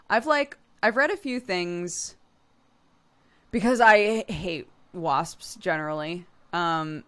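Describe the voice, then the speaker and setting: Young adult woman, casual stream chatter, low register, bright edge, laughs often. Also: clear, resonant tone. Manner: chatty, laughs a lot, many fillers. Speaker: streamer reading chat. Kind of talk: casual chat.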